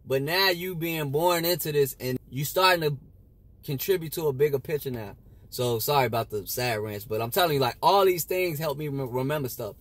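A man's voice: on the high side, brisk, fairly bright tone, no echo. A young man in a car giving casual study advice in slangy, laid-back street talk. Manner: repeats lines in a chanting loop. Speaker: vlogger giving Navy study tips. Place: in a parked car.

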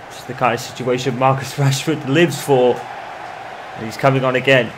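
A man commentating on his own football video game in the manner of a match broadcaster, calling the play and getting loud at goals. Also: medium pitch, fairly even intonation, moderate pace, a little hiss or hum. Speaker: gaming commentator. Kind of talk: mock football match commentary over gameplay.

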